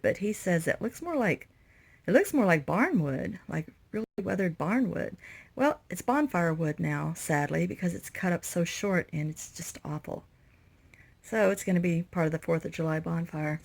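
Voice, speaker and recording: A woman's voice: lowish voice, expressive, moderate pace, creaky. Stressed woman rambling through a walkthrough. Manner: stressed, rambling, talks to viewers. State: overwhelmed and anxious. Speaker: vlogger renovating an old RV. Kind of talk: casual walkthrough vlog. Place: inside an old motorhome.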